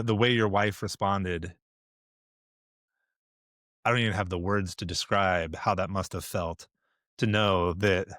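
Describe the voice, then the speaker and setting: A man's voice: sits low, a bit bright, no room sound. Reflective male podcast host, dry sound. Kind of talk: interview hosting.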